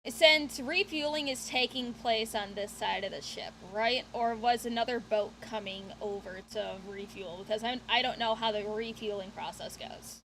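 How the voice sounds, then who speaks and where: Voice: mid-range voice, normal speed, creaky, hardly any pauses, bright, forceful tone, a little hiss or hum. A streamer chatting casually, thinking aloud and hesitating with fillers. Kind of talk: casual chat.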